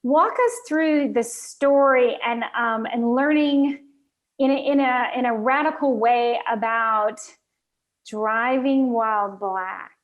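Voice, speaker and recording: A woman from the Florida Keys hosts a podcast interview in a high voice. She is exclamatory and bursting with enthusiasm. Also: takes it slowly, muffled recording. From United States (Florida Keys). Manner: exuberant and exclamatory. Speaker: podcast host.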